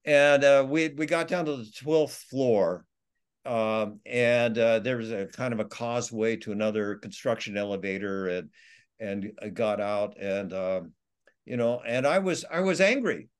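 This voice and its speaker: Speaking at a measured pace, the man has a medium-pitched voice that is clear and resonant. He's an author and interview guest whose survival stories ramble and restart again and again.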